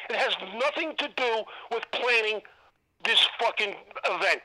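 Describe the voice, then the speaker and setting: A man's voice: high-pitched, animated, unhurried, sharp tone, low-quality recording. A man on a podcast ranting in exasperation, cursing and stammering through restarts as he complains. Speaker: podcast regular. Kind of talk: angry rant.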